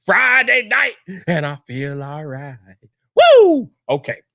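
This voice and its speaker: A man hosting a tech live stream, hyping up his audience with repeated catchphrases and shouted greetings to viewers in the chat. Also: on the high side, slow, vocal fry, no echo, clean studio sound. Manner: energetic, repetitive hype with shouted catchphrases. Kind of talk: hyped live-stream banter.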